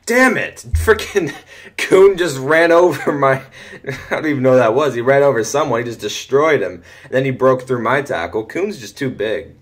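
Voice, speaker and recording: A teenage boy casually commenting on a football video game from home, chatty, easily excited and often muttering to himself. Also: mid-range voice, fairly quick. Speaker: gaming commentator. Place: home room.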